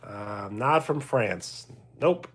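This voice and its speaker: Husky streamer with a New York accent, unhurried chat banter, lively intonation. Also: male voice, lowish voice. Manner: reads out and answers chat comments. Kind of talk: casual livestream chat.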